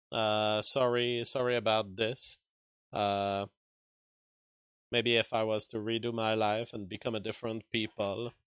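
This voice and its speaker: A man's voice: on the low side, fairly bright tone, clean tone, dry recording. A man with a French accent hosting a livestream, reading chat and arguing back in loose, filler-heavy talk. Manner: argumentative, talks back to chat, many fillers and restarts. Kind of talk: casual livestream commentary.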